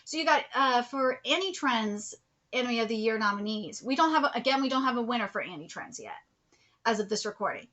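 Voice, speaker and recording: A woman's voice: on the high side, lively intonation, a little fast, pushed and bright, muffled recording. A woman vlogger ranting in a commentary video, blunt and profane, hammering points with repetition. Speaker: anime vlogger.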